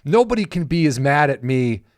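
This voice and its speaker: A male podcast host rambles through a casual chat, poking fun at himself and cursing freely. His voice sits a touch higher than most men's. The sound is dry and close, with no room echo. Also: sing-song, moderate pace. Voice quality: self-deprecating, swears freely.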